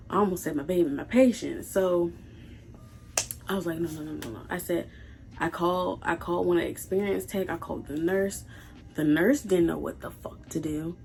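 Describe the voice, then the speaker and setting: A woman's voice: fairly low pitch, vocal fry, a little mellow. A young woman vlogging as a dialysis tech, telling a story to her viewers in a blunt, emotional way and swearing freely. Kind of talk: casual storytelling vlog.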